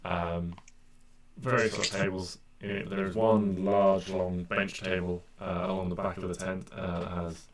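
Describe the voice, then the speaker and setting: A man's voice: sits low, flat delivery, measured pace. A man as game master, describing scenes in a rambling way full of fillers. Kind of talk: narrating a tabletop game.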